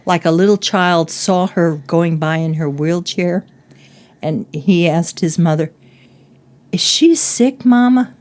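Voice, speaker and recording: A woman's voice: deep voice, fairly even intonation, measured pace, darkish tone. An older woman chatting about a book as a guest, laughing often and acting out quoted lines. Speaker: guest, host's mother. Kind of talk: casual book discussion.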